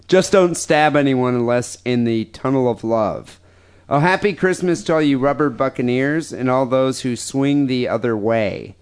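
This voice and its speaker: A man's voice: mid-range voice, normal speed, smooth. A man hosting a podcast, reading listener emails aloud with crude, profane, joking banter. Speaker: podcast host.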